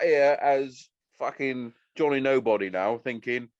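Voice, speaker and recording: A man's voice: medium pitch, unhurried, hardly any pauses, dry recording, lo-fi sound. A man hosting a podcast, swearing freely as he tells stories in casual chat. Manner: sweary, animated storytelling. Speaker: podcast host.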